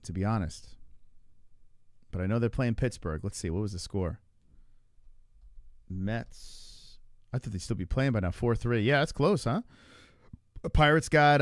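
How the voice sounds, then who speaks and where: A livestream host rants and jokes with his chat in a casual, profane, jokey way, at one point mocking a chatter with a put-on voice. His voice is mid-range, and the recording is dry and of studio quality.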